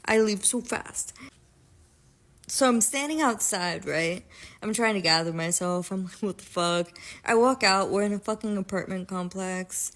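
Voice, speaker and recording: A woman's voice: medium pitch, moderate pace, a bit bright. A woman from Florida telling a casual storytime, blunt and full of profanity. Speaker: TikTok storyteller.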